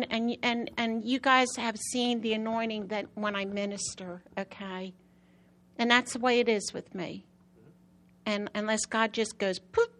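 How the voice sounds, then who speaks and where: A woman preaches a sermon built on personal testimony, telling her story with animation. She repeats phrases for emphasis, and her voice climbs high when she gets excited.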